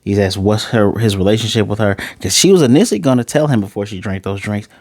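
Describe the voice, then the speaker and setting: A man's voice: on the low side, fast talker, a little mellow, no echo. A young man recapping and reviewing an anime episode in a loose, joking, slangy way, swearing freely.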